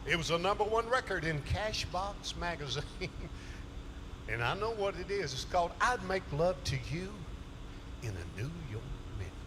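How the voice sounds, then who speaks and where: A man's voice: high-pitched, sing-song, moderate pace, noisy background. A man with a drawl singing country songs live in a small hotel venue and telling folksy stories between songs. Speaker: country singer. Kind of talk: live concert singing and stage banter. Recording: live concert with loud band. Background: band music.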